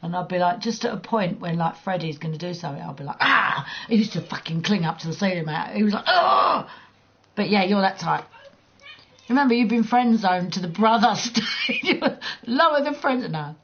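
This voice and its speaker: A woman chats and teases her viewers while gaming, blunt and quick to swear. Her voice is husky and breathy, with a gravelly edge. The sound is dull and lo-fi, like a cheap stream mic. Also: lowish voice, expressive. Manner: blunt, teasing, swears freely, laughs often. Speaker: livestreamer. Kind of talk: casual chat while gaming.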